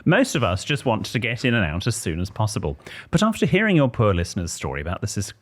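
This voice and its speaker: A man's voice: lowish voice, huge pitch swings, quick pace. An English man co-hosting a podcast, reading listener letters aloud with wry, theatrical emphasis. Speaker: podcast co-host.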